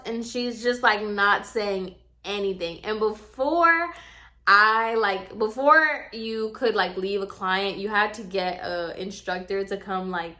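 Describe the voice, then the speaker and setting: A woman's voice: medium pitch, slow. A young woman chatting casually to her viewers, telling a story and acting out what people said. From Puerto Rican heritage. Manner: chatty, animated, addresses viewers as y'all, acts out quotes. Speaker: vlogger.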